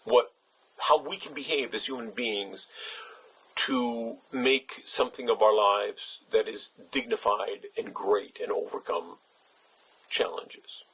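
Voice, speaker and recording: A man's voice: on the low side, fairly even intonation, takes it slowly, fairly bright tone, slightly rough, low-quality recording. A man hosting his own channel, giving a reflective spoken essay, thinking aloud with many fillers and restarts. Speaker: channel host.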